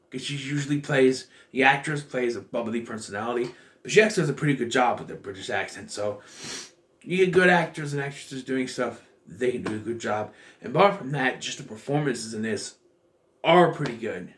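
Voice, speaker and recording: A man's voice: mid-range voice, a bit bright. A man giving a casual spoken review of a show, rambling and thinking aloud as he restarts his sentences.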